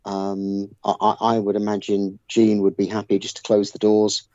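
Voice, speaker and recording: A man's voice: fairly low pitch, monotone, moderate pace, warm tone, no echo, dull audio. A man in casual podcast chat, thinking aloud with many fillers and restarts. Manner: thoughtful, hesitant with many fillers.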